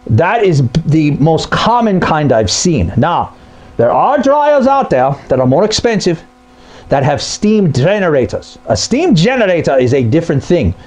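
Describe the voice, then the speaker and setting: A man's voice: on the high side, a little mellow. A man who repairs appliances, explaining a topic to camera in a blunt, conversational way. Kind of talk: explainer video.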